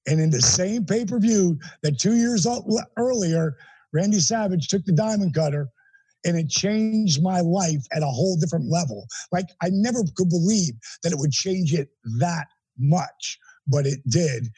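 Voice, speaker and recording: A middle-aged man with a high, husky voice tells a personal story in an interview. He is animated and emphatic, with a mellow tone. The recording is close and dry. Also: normal speed, no room sound, low-quality recording. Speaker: interview guest.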